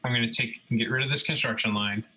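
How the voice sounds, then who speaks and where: Moving at a quick pace, a medium-pitched robotics instructor explains a screen-recorded computer design tutorial step by step, with a laid-back tone and lots of "okay?" check-ins. The recording is low quality, with slight background noise.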